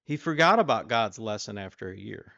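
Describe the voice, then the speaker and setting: A preacher gives an informal sermon, reading scripture and posing questions to his listeners conversationally. He's animated and fairly quick, with vocal fry, voicing the king boastfully in a louder, higher tone. The recording is dry and lo-fi.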